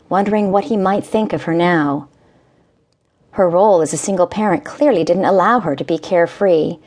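A woman narrating a romance audiobook in a gentle, measured storytelling manner. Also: fairly low pitch. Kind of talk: scripted narration.

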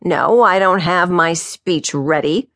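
A fretful small-town police chief grumbles through his lines, as a woman narrator puts him on. He is a middle-aged man in a tight dress uniform, short-tempered and a little sulky. The voice sits fairly low and the read is dry and close, with no room sound. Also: unhurried, a bit bright, no echo. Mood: irritable. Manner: gruff and grumbling.

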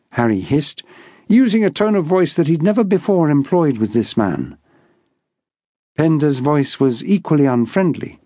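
A man reads an audiobook in a measured, even storytelling manner. His voice sits somewhat high for a man, and the recording is close and dry with no room sound. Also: no echo. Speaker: audiobook narrator. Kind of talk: scripted audiobook narration.

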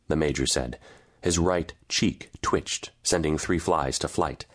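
A man giving measured, grave scripted narration of a fantasy audiobook. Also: a bass voice, animated.

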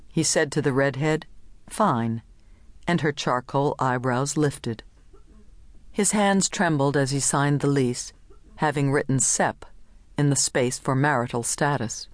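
A woman narrating a literary short story in a measured, even reading voice. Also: rumbling low, dry recording. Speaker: audiobook narrator.

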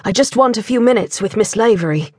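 Earnest young miner, bashful and soft-spoken; voiced by a woman narrator. Dry, husky read. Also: on the high side, expressive, brisk, no room sound. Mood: nervous. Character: young Welsh coal miner, shy and earnest.

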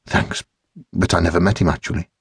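A man's voice: low-pitched, fairly even intonation, a little fast, vocal fry, slightly rough, dry recording, exaggerated voice. A man voicing a teasing, moody teenage boy in an audiobook, dry and wry. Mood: brooding. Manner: teasing, then brooding.

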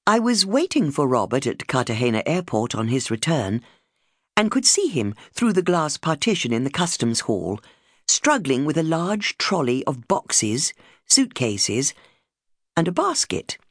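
Woman, audiobook narrator, memoir reading, measured storytelling, very lively pitch, dry studio sound. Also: no room sound.

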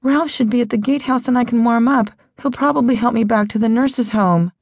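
A woman's voice: on the high side, a little fast, darkish tone, dry recording. A woman voicing a frightened young woman lost in a blizzard, crying out desperately. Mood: anxious. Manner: desperate, pleading cries.

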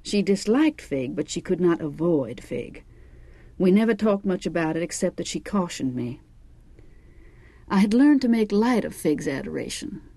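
A woman reads a first-person novel aloud with measured, wry storytelling. Her voice sits low and mellow. The recording is close and completely dry, with no room sound. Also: sing-song, no echo. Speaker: audiobook narrator. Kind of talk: first-person audiobook narration.

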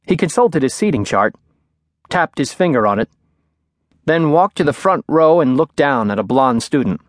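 A man reading a thriller audiobook aloud in a measured, clear storytelling manner, recorded on a studio microphone. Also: fairly high pitch, expressive, no room sound. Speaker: audiobook narrator. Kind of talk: scripted narration.

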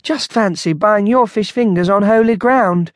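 A man voicing a chatty middle-aged wife, talking in a brisk, gossipy way. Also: high-pitched, no room sound, clean studio sound, voice pushed up, lightly acted.

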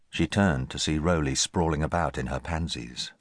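A man reading a children's audiobook in scripted, expressive narration on a close studio mic. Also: extremely low pitch, a little fast, few pauses, dry recording. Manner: expressive storytelling.

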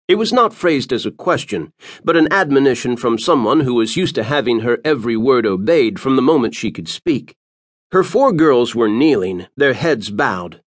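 A man reads an audiobook in a dramatic, scripted style. His pitch sits in the middle of the male range but moves a great deal, giving the narration lots of movement. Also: no echo, studio quality.

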